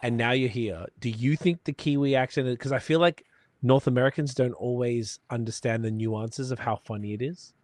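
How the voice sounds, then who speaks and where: A man's voice: medium pitch, moderate pace, a little mellow, dry recording, studio quality. An Australian man hosting a casual beer-tasting podcast chat, hyped and full of slang and swearing. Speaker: podcast host.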